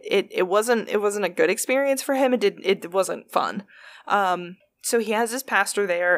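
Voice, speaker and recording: A woman's voice: mid-range voice, fairly bright tone. A woman casually telling stories as a podcast host, chatty and profane, full of fillers. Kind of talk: casual storytelling.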